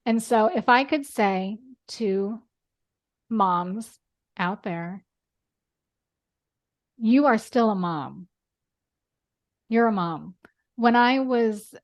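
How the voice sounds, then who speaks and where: A woman guest on a podcast, talking earnestly in casual chat, with quick bursts and lots of "like". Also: medium pitch, lo-fi sound.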